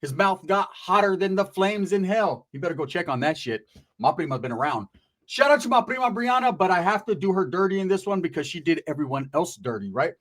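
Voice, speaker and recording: High-voiced man telling a slangy story. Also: a little fast. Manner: slangy and profane, lively. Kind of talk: comic street storytelling.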